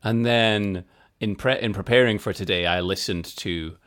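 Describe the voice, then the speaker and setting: A man's voice: on the low side, normal speed, fairly bright tone. A man co-hosting a podcast, explaining Bible facts in a thoughtful, self-deprecating way and laughing easily. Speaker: podcast co-host. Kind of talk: casual chat and Bible teaching.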